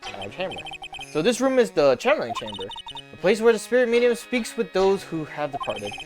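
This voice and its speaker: A streamer playing a visual novel, reading the lead lawyer's lines in a plain voice and adding quick asides, over game music. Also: mid-range voice, very animated. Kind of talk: reading game dialogue aloud and commenting.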